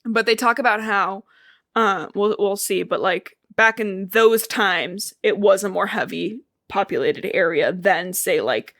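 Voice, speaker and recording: A woman's voice: medium pitch, unhurried, fairly bright tone, dry recording, clean studio sound. A woman with a Midwestern American accent co-hosting a casual book-discussion podcast, retelling scenes, swearing freely and laughing often. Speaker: podcast co-host.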